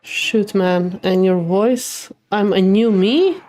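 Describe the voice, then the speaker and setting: A young woman streams a game live, reading its dialogue aloud and reacting with open emotion between lines. Her voice sits at a middle pitch and stays natural and conversational. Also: animated, takes it slowly, mellow, faint music behind.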